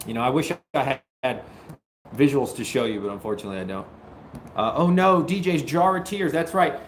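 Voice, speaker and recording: A man hosting a casual live stream, greeting viewers and joking, at times breaking into loud mock-taunting. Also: medium pitch, brisk, slight background noise. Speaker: livestream host. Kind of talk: casual livestream chat with viewers.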